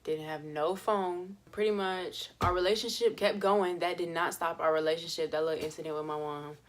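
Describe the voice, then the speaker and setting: A woman's voice: lowish voice, fairly even intonation, normal speed. A young woman vlogger telling a story in a chatty, casual way, with lots of fillers and laughs.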